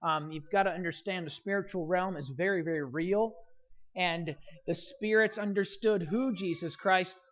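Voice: medium pitch, moderate pace, fairly bright tone, dull audio. A pastor preaching a sermon in an earnest manner, with frequent restarts and rising emphasis.

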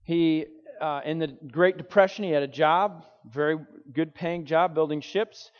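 A man preaching through a family story in a conversational way and acting out its people as he goes. His voice sits a little high. The sound is dull and carries a long hall reverb. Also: fairly even intonation, measured pace. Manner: conversational, acts out quoted voices. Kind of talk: storytelling sermon.

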